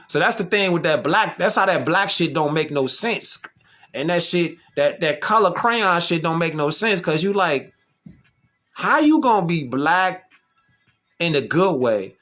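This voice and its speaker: A man's voice: a little high, bright, forceful tone. A man talking in a casual, slangy monologue, emphatic and full of rhetorical questions. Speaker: vlogger.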